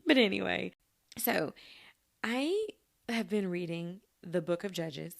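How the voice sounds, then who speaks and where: A woman's voice: lowish voice, animated, slow, vocal fry. A woman hosting a casual solo podcast who chats and giggles and talks straight to her listeners. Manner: chatty, giggly, addresses listeners directly. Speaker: podcast host.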